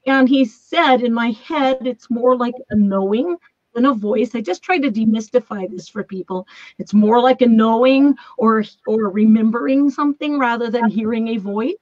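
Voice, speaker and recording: A woman with a fairly high voice tells a long personal story in a relaxed, talkative way. She often laughs and acts out the lines she quotes. The remote call audio is dull and dry. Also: no echo. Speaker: guest.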